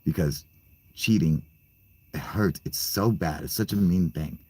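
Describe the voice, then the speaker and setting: A young man rants in a casual monologue, swearing freely and stumbling over his words. His voice sits low and husky. The sound is dry and close, with little room to it. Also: unhurried, dark tone, no echo. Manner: profane, rambling, stammering, laughing often. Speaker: channel host.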